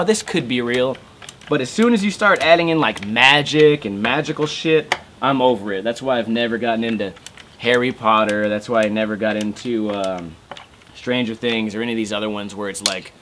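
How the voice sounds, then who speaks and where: A man's voice: medium pitch, a little hiss or hum. Rambling, foul-mouthed young man. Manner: swears constantly, rambling and animated. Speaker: skateboarding vlogger. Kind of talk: casual chat. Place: home room.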